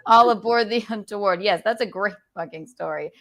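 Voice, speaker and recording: A woman in her thirties hosting a podcast, joking crudely and swinging between loud outbursts and a mock-calm drawl. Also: mid-range voice, brisk. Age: 30s. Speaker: podcast host. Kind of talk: casual comedic chat.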